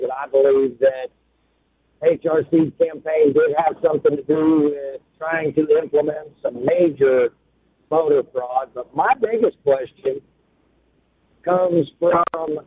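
A man from Arkansas with a Southern accent, calling in to a radio show, polite and earnest, a bit halting. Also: on the high side, gravelly, slightly rough. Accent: Southern American. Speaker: caller. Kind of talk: call-in question. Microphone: telephone. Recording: tinny phone line.

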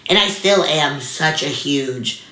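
Guesting on an interview show, a young woman comedian from the US mountain region tells a story from her past in a chatty manner packed with "likes." Though her voice sits a little low, it sounds bright and forward, and she brings quoted people to life with quick animated voices amid a roomy echo.

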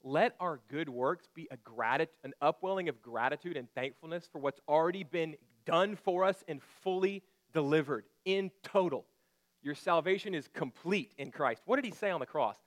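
A male pastor preaching a sermon, asking rhetorical questions and dropping to a hushed intensity at key points. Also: on the high side, normal speed.

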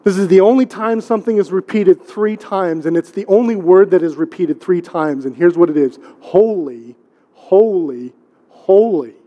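A man's voice: high-pitched, fairly quick, few pauses, highs cut off. A middle-aged man, a pastor, delivering a conversational sermon with rhetorical questions and repeated words for emphasis. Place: church sanctuary. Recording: long hall reverb.

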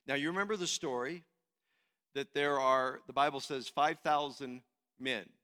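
A male pastor preaching a sermon, swinging from hushed, low passages to loud, emphatic ones. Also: unhurried.

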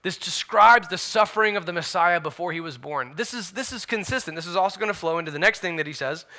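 A man preaching a sermon as pastor, emphatic, swinging between loud declarations and hushed asides. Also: high voice, quick pace.

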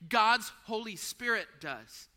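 Preaching in a high voice and taking it slowly, a male pastor keeps his sermon conversational and animated. He speaks to people as friends and acts out scenes from a story.

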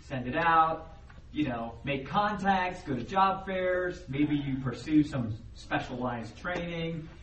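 Animated male pastor in an echoey church. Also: fairly high pitch. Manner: conversational, animated preaching with acted-out voices. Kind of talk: sermon. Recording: roomy echo, heard from a distance, faint background noise.

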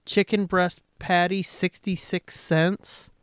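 A man's voice: high voice, flat delivery, takes it slowly, fairly bright tone, clean tone, dry recording, studio quality. A man co-hosting a casual movie commentary, joking, swearing and laughing often. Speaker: podcast co-host.

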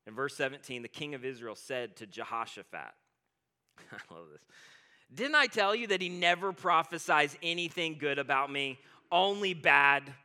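A man preaching a sermon in an energetic, conversational way, retelling scripture in his own words. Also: fairly high pitch, normal speed, clean tone. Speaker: pastor.

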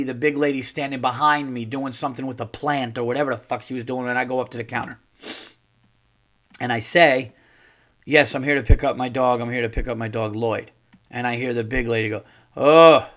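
A man hosting a podcast who tells a story in a casual monologue, ranting and swearing as he gets fired up. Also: mid-range voice. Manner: profane, animated ranting. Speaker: podcast host.

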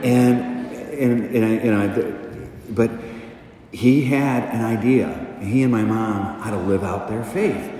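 A middle-aged man and pastor preaching a sermon, conversational and animated, asking the congregation questions. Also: on the low side, slow pace, a little hiss or hum. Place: church. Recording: echoey church, long reverb, faint ambience.

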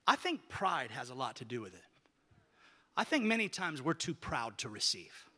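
A male pastor preaching a sermon, telling stories with animated voices that rise to near-shouting at the peaks. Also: mid-range voice, moderate pace, big-room sound.

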